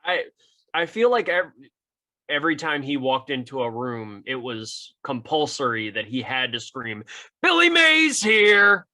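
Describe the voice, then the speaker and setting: Give me a man podcast co-host with a bright, sharp voice making dry jokes in casual chat. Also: mid-range voice, moderate pace. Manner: dry, joking, profane asides.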